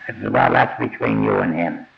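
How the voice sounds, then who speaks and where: A man's voice: fairly low pitch, normal speed. An older man telling his own life story in a plain-spoken, blunt way, swearing casually. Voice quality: gravelly. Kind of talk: first-person memoir storytelling. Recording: dull lo-fi audio.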